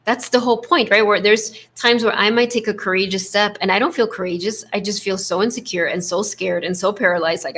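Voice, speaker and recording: Woman host, spiritual leadership coach; gentle, affirming, mid-range voice, slips into acted inner voices. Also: medium pitch, a little fast, hardly any pauses. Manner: gentle, affirming, frequent "right?" tag; acts out inner voices with shifts in tone. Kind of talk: spiritual coaching talk to a live group.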